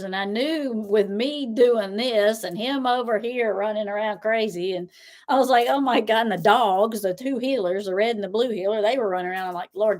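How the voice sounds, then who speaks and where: A woman's voice: fairly high pitch, a little mellow. A middle-aged woman hosting a casual livestream chat, rambling through family stories and laughing often. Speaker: tarot reader and host.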